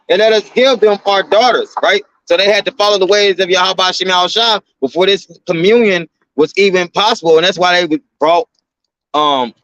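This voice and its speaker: A man teaching from scripture, reading verses slowly and then explaining them in slangy, conversational talk that keeps checking in with "right?". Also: high-pitched, fairly bright tone, no room sound. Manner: slows down and lifts his voice to read verses. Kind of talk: reading scripture aloud with casual commentary. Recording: dull, lo-fi, dry sound.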